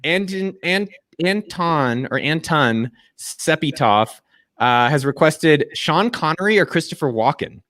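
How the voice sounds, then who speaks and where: Upbeat thirty-something host guy, slangy, bit higher pitched. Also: lively intonation, a little slow, fairly bright tone. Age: 30s. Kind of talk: casual video-call chat.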